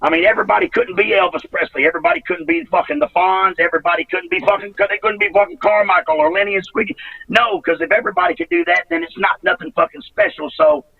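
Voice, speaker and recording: Raspy man, profane rambling storyteller. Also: high-pitched, lively intonation, quick pace, dry recording, distant mic, narrow, tinny audio. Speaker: interview guest, former wrestler. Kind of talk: casual storytelling interview.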